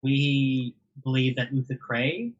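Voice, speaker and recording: A man's voice: medium pitch, slow pace, highs cut off. A man with an ordinary mid-range voice speaks as a player in a tabletop game. He hesitates often and fills gaps with ums. His delivery is casual. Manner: hesitant, many fillers.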